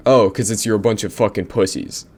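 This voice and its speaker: A man's voice: lowish voice, steady tone, fairly quick, darkish tone, slightly rough. A man with a nasal voice giving a profane, heated comedic rant, his voice jumping up whenever he gets riled. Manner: foul-mouthed, heated, voice jumps up when riled. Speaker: channel host.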